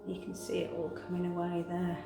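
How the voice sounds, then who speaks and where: A woman grooming a cat, talking softly and coaxingly while explaining her work. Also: lowish voice, monotone, fairly quick, gravelly. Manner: soft, coaxing, chatty. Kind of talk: grooming commentary. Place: grooming room. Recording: echoey room with music behind.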